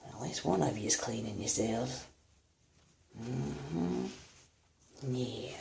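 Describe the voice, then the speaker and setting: A woman rescuing cats, talking to them in soft cooing baby talk that is often whispered, recorded in an upstairs bathroom. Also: extremely low pitch, unhurried, vocal fry, roomy sound, slight background noise. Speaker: cat rescuer. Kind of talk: casual vlog, talking to cats.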